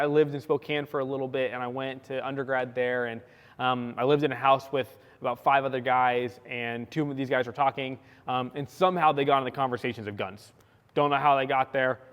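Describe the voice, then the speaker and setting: A young man from California preaching a sermon, telling a story with lively acted-out quotes. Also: mid-range voice, clean tone. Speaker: pastor. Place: church sanctuary. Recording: long church hall reverb.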